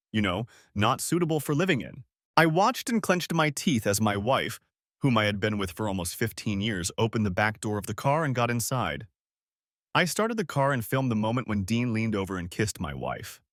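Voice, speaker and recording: A man narrating a first-person story in an expressive storytelling manner. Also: fairly low pitch, moderate pace, dry recording, clean studio sound.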